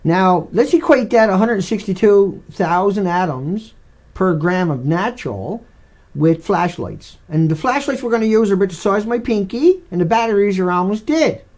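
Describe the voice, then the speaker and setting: A man's voice: high-pitched, lively intonation, moderate pace, a little mellow. A man hosting a live stream, talking in a rambling, digressive way with many restarts.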